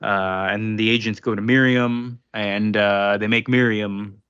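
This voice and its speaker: A man's voice: fairly low pitch, fairly even intonation, measured pace, a bit bright, clear, resonant tone, dry recording, muffled recording. A man casually recapping a comic book on a podcast, rambling with fillers and acting out lines of dialogue. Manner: rambling, laughing, acts out quotes. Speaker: podcast co-host.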